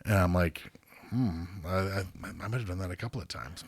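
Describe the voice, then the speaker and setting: A man co-hosting a podcast, chatting casually in a rambling, halting, profane way. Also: deep voice, dry recording, clean studio sound. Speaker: podcast co-host. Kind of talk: casual chat.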